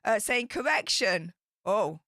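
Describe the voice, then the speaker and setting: A young woman chatting excitedly on her livestream, telling travel stories in a chatty, excitable way. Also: medium pitch, slow pace, dry recording, studio quality. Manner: chatty and excitable, with bursts of squealing. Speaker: YouTube streamer. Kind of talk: casual livestream storytelling.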